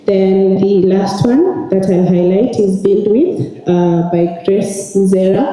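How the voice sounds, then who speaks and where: A woman trainer, hoarse and raspy from a cold, giving an upbeat ceremony speech and calling out to the audience. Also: mid-range voice, slow, hardly any pauses, mellow. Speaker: cybersecurity trainer. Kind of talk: ceremony speech presenting student projects. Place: large hall at a graduation ceremony. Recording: echoey hall.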